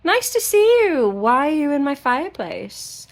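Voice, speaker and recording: A woman's voice: high voice, big pitch swings, unhurried, creaky, pitched above the performer's own voice, full character voice. A woman voicing a cocky, teasing male fae lord in flippant modern slang.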